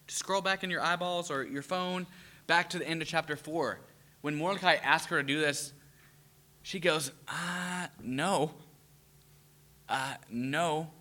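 A man delivers a sermon in a very bright, slightly high voice. He talks animatedly, throws questions at his listeners and slips into little acted-out voices. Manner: animated, acts out quoted voices, asks the audience questions. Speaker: preacher.

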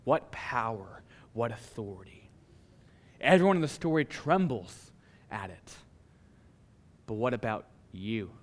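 A male pastor preaching a sermon with dramatic pauses, swinging from a hushed delivery to a forceful one. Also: mid-range voice, big pitch swings.

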